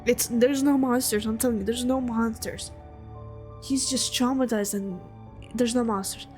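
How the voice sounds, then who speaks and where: A woman's voice: fairly high pitch, moderate pace, faint music behind. Chatty young woman streamer. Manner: chatty, excitable, talks back to the game. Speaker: gamer streamer. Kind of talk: let's play, reading dialogue aloud.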